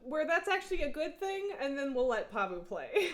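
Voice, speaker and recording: A woman streaming a game from her home room, chatting loosely and breaking into laughs. She has a fairly high voice and slips into cooing baby talk with her cat. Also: big pitch swings, moderate pace. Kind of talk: casual live-stream chat while gaming. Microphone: headphones on, desk setup.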